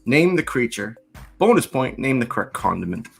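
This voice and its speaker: A man hosting the trivia as a guest quizmaster, reading questions out slowly and deadpan. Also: medium pitch, creaky, faint music behind.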